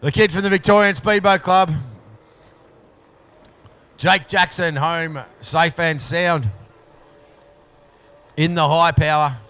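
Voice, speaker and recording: Excitable Australian race commentator, high voice. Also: male voice, takes it slowly, pauses often, clear, resonant tone. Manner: excitable, rising to shouts at the finish. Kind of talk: live powerboat race commentary. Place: commentary box at an outdoor lake event.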